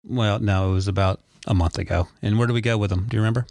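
A man's voice: on the low side, fairly even intonation, fast, gravelly, darkish tone, no echo. Brief: male podcast host, a dad chatting with his kids, dry teasing humor, dry close sound. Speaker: podcast host interviewing his young sons. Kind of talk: casual family chat.

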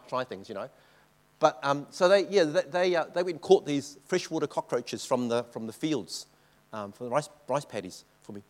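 A man giving an informal church talk with slides, telling stories from the mission field and often checking in with the audience. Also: a little high. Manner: chatty, keeps checking in with the audience. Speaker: missionary speaker.

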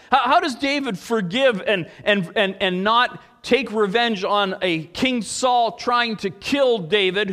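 A man preaching a sermon, telling stories with emphatic swings between loud and soft. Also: high voice, in a large hall. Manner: storytelling, emphatic, rises and drops in volume.

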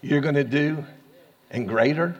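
A man with an American accent preaching a sermon as pastor, swinging from hushed asides to loud, rising lines and laughing often. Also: fairly high pitch, unhurried, big-room sound, muffled recording.

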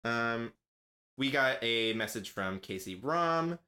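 A man's voice: medium pitch, expressive, slow, pushed and bright. A young adult man co-hosting a casual podcast, chatting with lots of fillers and frequent laughter. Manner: laughs often, hesitant with fillers. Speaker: podcast co-host. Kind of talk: casual chat.

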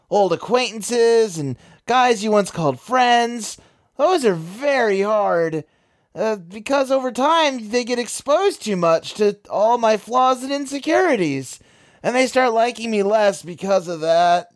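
A reader voicing a timid, earnest alien troll boy who rambles in halting, awkward phrasing. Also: medium pitch, natural voice. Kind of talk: reading a webcomic aloud.

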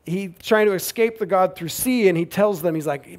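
A man preaching a sermon, retelling a Bible story with lively emphasis and quiet asides. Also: high voice, a little slow. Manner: animated storytelling, swings between loud emphasis and quiet asides. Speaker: pastor.

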